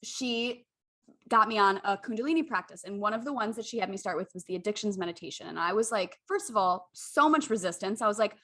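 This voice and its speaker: A woman's voice: medium pitch, lively intonation, quick pace, bright, forceful tone. A woman hosting a podcast, talking candidly and effusively and often speaking straight to her listeners. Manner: candid, effusive, addresses listeners as "you guys". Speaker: podcast host. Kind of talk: casual chat.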